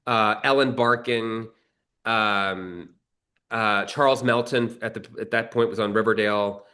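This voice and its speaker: A man's voice: lowish voice, steady tone, measured pace, pushed and bright. A male screenwriter telling a long anecdote in a casual, rambling way, with frequent restarts and some swearing. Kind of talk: conversational storytelling.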